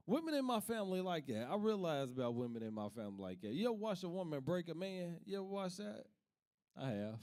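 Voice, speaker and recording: A comic from Kentucky works through a stand-up set built on family stories. He keeps a laid-back storytelling pace and often laughs at his own jokes, in a voice that sits slightly high for a man. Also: big pitch swings, fairly quick, mellow, smooth. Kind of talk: stand-up comedy.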